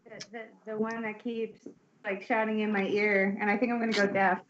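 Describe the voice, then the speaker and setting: A woman's voice: medium pitch, flat delivery, a little fast, a loud crowd. A woman appearing as a podcast guest, joking along playfully with the group. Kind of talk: casual group chat. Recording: echoey, dull call audio.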